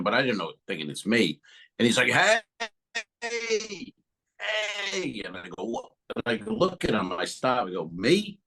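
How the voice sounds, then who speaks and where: A man's voice: on the low side, rough recording. Swearing man telling a story. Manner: animated storyteller, acts out quoted exchanges, swears freely. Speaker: podcast co-host. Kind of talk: casual comedy podcast chat.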